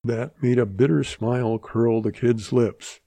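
A man narrating a western story in a measured, deliberate reading voice. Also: medium pitch, fairly even intonation, dark tone, no room sound.

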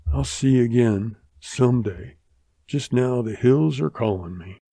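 Man doing a wounded outlaw gunslinger, raspy and husky, terse western drawl, gravelly, dark tone. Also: mid-range voice, measured pace, no echo. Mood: tender. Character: wounded young male outlaw gunslinger, hard but kind.

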